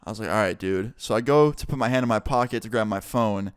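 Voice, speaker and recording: A young man in a casual storytime vlog, his voice smooth and resonant at a middle pitch. He talks in a relaxed, animated and profane way, close to the mic in a dry room with no echo. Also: quick pace. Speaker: vlogger.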